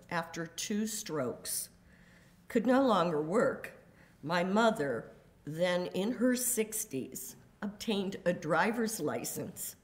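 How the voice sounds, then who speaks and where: An older woman reading a prepared statement in a courtroom, grave and deliberate, with measured emphasis on each word. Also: lowish voice. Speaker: victim's daughter giving a statement.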